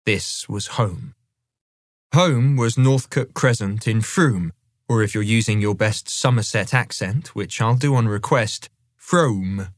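A man narrating a memoir audiobook in a measured, conversational first-person reading. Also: on the low side, no room sound, clean studio sound.

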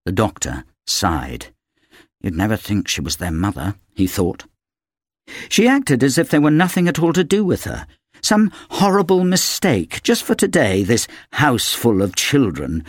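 Expressive male audiobook narrator. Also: mid-range voice, unhurried, no echo, clean studio sound. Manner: expressive, dramatic reading.

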